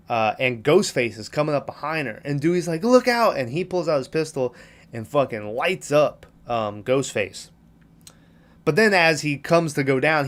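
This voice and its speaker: A man casually recapping a film on a podcast, rambling and swearing as he acts out characters' lines. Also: medium pitch. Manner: profane, rambling retelling with quoted lines. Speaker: podcast host.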